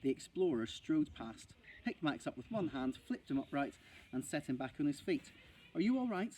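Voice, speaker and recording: A male primary school teacher reading a children's novel aloud in a steady, expressive way. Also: mid-range voice, normal speed, a little hiss or hum.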